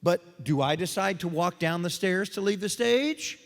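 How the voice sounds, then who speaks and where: Lively, joking man on a convention stage. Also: high voice, moderate pace, gravelly. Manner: animated, joking storyteller who acts out quoted voices. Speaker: voice actor convention panel guest. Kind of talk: convention panel storytelling and Q&A. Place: convention panel room on a stage. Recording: reverberant hall.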